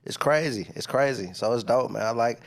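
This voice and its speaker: Profane laid-back rapper. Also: male voice, mid-range voice, fairly quick. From Decatur, Georgia, US. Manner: loose, profane, slangy storytelling. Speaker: rapper guest. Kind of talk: casual interview chat.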